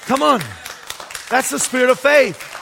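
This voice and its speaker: A man's voice: extremely high pitch, measured pace, gravelly, pushed and bright, some chatter behind, a little hiss or hum. A man preaching a sermon as pastor, emphatic and asking the congregation rhetorical questions.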